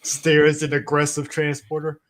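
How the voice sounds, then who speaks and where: Man, slightly high voice, podcast co-host, casual chat, quick and exclaiming. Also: completely flat delivery, a bit bright.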